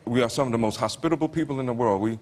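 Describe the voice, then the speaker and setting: A man's voice: mid-range voice, rapid-fire, darkish tone. A man in his forties from Georgia with a Southern US accent, telling wry stories as a talk-show guest, with plenty of fillers. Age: 40s. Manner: laid-back, wry, often laughing, many fillers. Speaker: comedian guest. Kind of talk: anecdotal talk-show storytelling.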